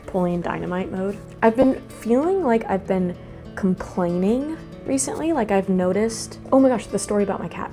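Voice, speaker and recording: A young woman hosting a relaxed craft vlog, chatting casually and rambling into sudden asides to herself. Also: mid-range voice, moderate pace, faint music behind. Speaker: host. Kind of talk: casual chat while doing a craft.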